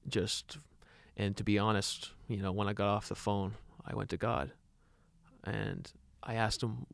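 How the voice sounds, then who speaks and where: A young man co-hosting a podcast, telling a personal story in an earnest, halting way with many restarts. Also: lowish voice, level tone, vocal fry, dry recording. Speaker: podcast co-host. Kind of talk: personal storytelling in casual chat.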